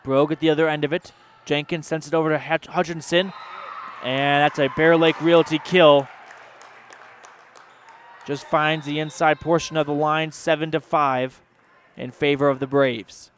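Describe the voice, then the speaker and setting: A man calling a volleyball match as play-by-play announcer on local radio, reading rapid action with sponsor mentions. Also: a little high, little pitch movement, fairly bright tone, a faint crowd, a little hiss or hum. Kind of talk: local radio sports commentary.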